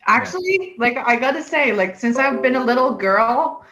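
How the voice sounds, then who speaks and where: A woman from Finland co-hosting a podcast, chatting in a blunt, animated way and laughing often. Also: on the high side, moderate pace. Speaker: podcast co-host. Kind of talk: casual podcast chat.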